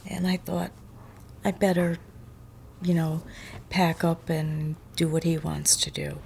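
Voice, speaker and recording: A woman in an interview speaking slowly and quietly about personal matters. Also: deep voice, level tone, creaky, slight background noise. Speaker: homeowner interviewee.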